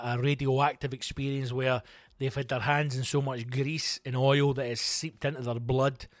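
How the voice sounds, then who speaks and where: A man's voice: medium pitch, no echo, studio quality. A middle-aged Scottish man hosting a comedy podcast, telling a self-mocking story full of swearing. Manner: profane, animated, self-mocking. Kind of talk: comic storytelling monologue.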